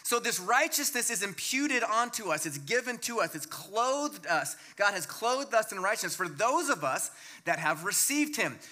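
Bright-voiced pastor preaching with emphasis. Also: male voice, sing-song, normal speed. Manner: emphatic, dropping to a hushed low voice for key points. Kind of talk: sermon.

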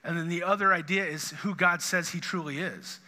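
High, bright-voiced man preaching earnestly. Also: fairly even intonation, normal speed. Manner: earnest, conversational preaching with repeated restarts. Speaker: pastor. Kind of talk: sermon.

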